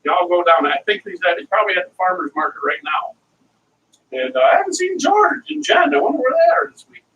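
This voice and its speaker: A man's voice: sits high, brisk, vocal fry, narrow, tinny audio. A middle-aged man hosting a casual cooking vlog, rambling and chatty as he talks viewers through his recipes and wanders off into side stories. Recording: distant mic with faint ambient noise.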